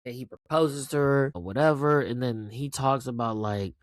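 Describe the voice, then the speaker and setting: A man hosting his own show, giving a casual, rambling recap of a TV finale. He talks with excitement, swears freely and keeps asking "right?". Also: medium pitch, moderate pace, no echo, studio quality. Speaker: show host.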